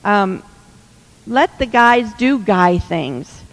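Slow-talking woman in a reverberant hall. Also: mid-range voice, expressive. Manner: chatty, laughing, teasing asides. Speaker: speaker giving marriage advice to women. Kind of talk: humorous advice talk to a live audience.

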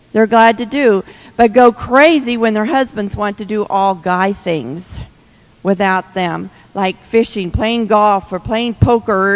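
In a hall with reverb, a woman gives a humorous marriage-advice talk to women in a live audience, slow and chatty with a teasing edge. Her voice is mid-range, and she laughs and tosses in teasing asides.

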